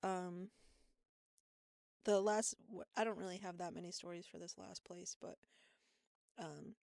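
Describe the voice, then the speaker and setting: Low gravelly woman telling a story. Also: steady tone, measured pace, darkish tone, no echo, studio quality. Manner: rambling with frequent laughs and fillers. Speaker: podcast co-host. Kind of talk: casual storytelling chat.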